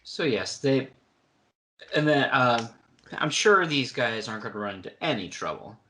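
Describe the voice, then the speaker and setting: A man's voice: mid-range voice, animated, moderate pace, a bit bright. A man co-hosting a book podcast, teasing the others with dry sarcasm. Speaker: podcast co-host. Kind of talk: casual book-club chat.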